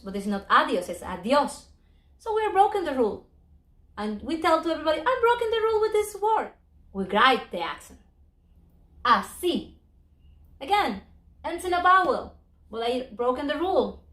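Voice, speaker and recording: A woman whose first language is Spanish, teaching a Spanish lesson in English and slowly drawing out each example word. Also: high-pitched, very animated, bright, forceful tone. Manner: slow, drawn-out modeling of words, non-native English grammar. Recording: echoey room.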